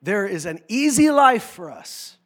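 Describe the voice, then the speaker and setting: A man from North America preaching a sermon, with impassioned swings from hushed asides to shouted commands and low mocking voices for quoted complaints. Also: big pitch swings, unhurried. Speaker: pastor.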